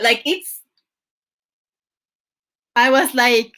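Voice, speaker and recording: A woman's voice: fairly high pitch, lively intonation, takes it slowly, a bit bright. A woman hosting her show, casually recapping a telenovela in a chatty, exasperated way with lots of fillers. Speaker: show host.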